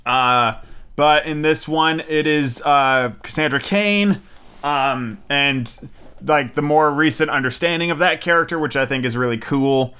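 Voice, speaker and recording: A young man giving a casual, rambling movie review, excitable and full of fillers and swearing. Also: a little high, unhurried, smooth.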